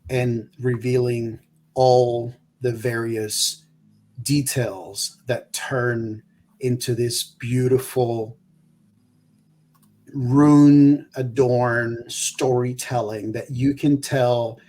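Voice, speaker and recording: A man narrating as game master of a tabletop game, describing items and scenes slowly. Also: mid-range voice, steady tone, dark tone.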